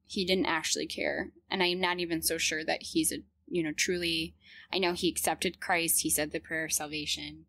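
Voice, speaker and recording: A woman in her thirties telling a personal story in an earnest, halting way, with many fillers and restarts. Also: sits low, little pitch movement, bright, forceful tone, no echo.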